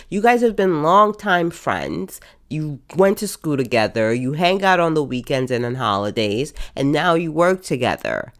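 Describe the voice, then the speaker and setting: Exasperated low-voiced woman ranting. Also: very animated, moderate pace. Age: adult. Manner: exasperated, ranting, emphatic repetitions. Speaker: podcast host. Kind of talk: casual review podcast.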